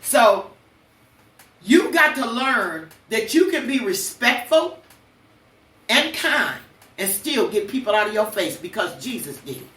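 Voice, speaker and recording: Older lady podcaster, kinda high voice, talking blunt and preachy from a bit far off the mic. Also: sing-song, measured pace, fairly bright tone, echoey room. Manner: blunt, preachy storytelling with cursing. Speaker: podcast host. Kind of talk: emotional personal monologue.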